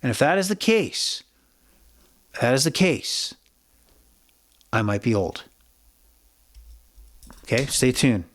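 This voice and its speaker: Man, middle-aged, podcast host, blunt, profane, rambling, opinionated, medium pitch. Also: very animated, slow, long pauses. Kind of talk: solo sports betting podcast.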